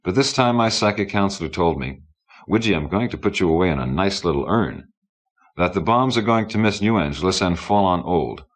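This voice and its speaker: Male reader voicing a sour ex-starlet, deep and bossy, haughty. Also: expressive, a little fast. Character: sour, scornful fading female entertainment star.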